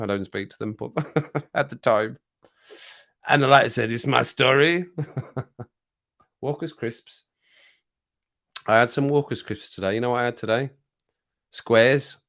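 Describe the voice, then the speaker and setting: A man at a middle pitch who hosts a relaxed livestream. He rambles from one anecdote to the next in a chatty way and laughs easily. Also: unhurried, pauses often. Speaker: livestream host. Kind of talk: casual chat with viewers over a drink.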